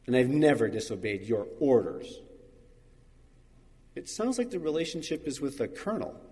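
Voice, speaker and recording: Animated preacher in a reverberant hall. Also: male voice, medium pitch, moderate pace. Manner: reads scripture aloud, acting out quoted voices. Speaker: pastor. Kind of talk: sermon.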